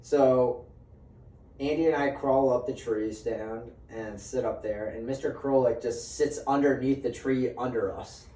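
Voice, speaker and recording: Among friends, a man casually tells a story, swearing freely and acting out what people said. His mid-range voice is mellow and steady at a measured pace, picked up by a distant mic with roomy sound and faint ambience.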